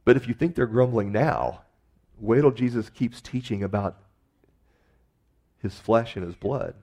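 Man, pastor, sermon, mellow dark tone, conversational, emphatic rises. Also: mid-range voice, animated, a little slow, vocal fry.

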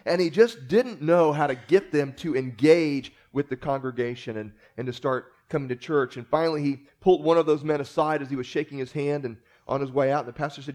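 A man's voice: fairly high pitch, fast talker, hardly any pauses, darkish tone. A man preaching a sermon in a conversational way, opening with a joke and using many fillers as he teaches. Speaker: pastor.

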